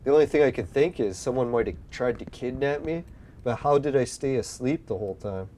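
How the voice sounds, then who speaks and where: Young male gaming host, relaxed mellow voice, rambling storyteller, swears a lot. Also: mid-range voice, a little fast, slight background noise. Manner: rambling, swears often, acts out his own past lines. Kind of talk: casual storytelling while playing a game.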